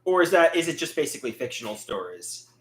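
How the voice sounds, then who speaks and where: A man's voice: fairly high pitch, big pitch swings, fast, fairly bright tone, echoey room. A man hosting a casual livestream, asking his chat questions in a joking, laughing way. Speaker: livestream host.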